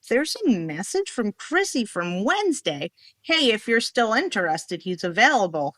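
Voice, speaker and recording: A woman telling a rambling story in a casual podcast conversation, acting out what people said with lively swings in her voice. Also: mid-range voice, moderate pace, no room sound. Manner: animated, rambling, acts out quoted dialogue.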